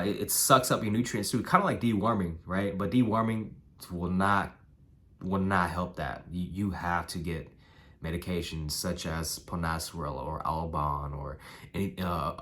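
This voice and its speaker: A young man with a hoarse, nasal voice giving casual advice on raising puppies, repeating himself and tagging lines with "right?" and "man". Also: fairly low pitch, fairly bright tone. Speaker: dog breeder giving advice. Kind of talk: casual instructional vlog.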